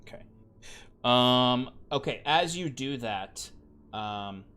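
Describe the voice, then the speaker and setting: A man running a tabletop game as game master, talking in an easygoing, halting way with many fillers and restarts. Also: mid-range voice, animated, bright, forceful tone, clear, resonant tone.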